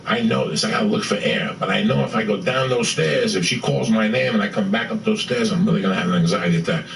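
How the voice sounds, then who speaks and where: A man telling a story with profane, excitable energy, acting out what people said. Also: on the low side, fast, gravelly, slight background noise. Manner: profane, excitable, acts out quotes. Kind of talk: animated storytelling. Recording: roomy echo from a distant mic.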